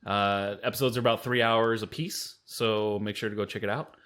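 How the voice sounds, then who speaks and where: A man hosting a casual podcast, talking in animated bursts with plenty of fillers, restarts and swearing. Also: on the low side, moderate pace. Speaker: podcast host and game master.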